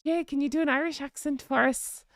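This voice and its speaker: Fast-chattering woman livestream host. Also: high-pitched, no room sound, clean studio sound. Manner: rapid, excitable chatter. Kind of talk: casual live chat. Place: home.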